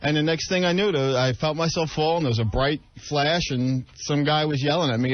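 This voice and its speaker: A man's voice: a little high, fairly even intonation, fairly quick, no echo. Sheepish rambling man on the radio. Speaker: radio show producer. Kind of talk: casual radio banter. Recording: lo-fi radio broadcast.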